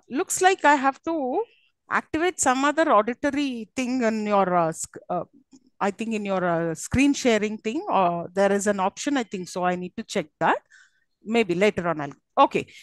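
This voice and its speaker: A woman's voice: mid-range voice, dry recording, poor audio. A woman with an Indian English accent giving a live online university lecture, explaining at length with many fillers and restarts and often checking in with her class.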